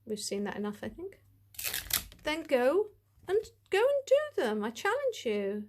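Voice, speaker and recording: Woman, slightly high pitch, chatty, gushing, rambling, tarot deck review. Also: huge pitch swings, a little slow, slight background noise. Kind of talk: casual deck review to camera.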